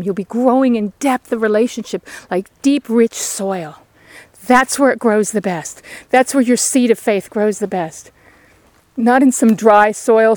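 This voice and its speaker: Earnest higher-voiced woman preaching outdoors. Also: a little mellow, dry recording. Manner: earnest, pleading exhortation. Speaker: lay preacher. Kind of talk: outdoor devotional sermon. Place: outdoors beside a sheep paddock.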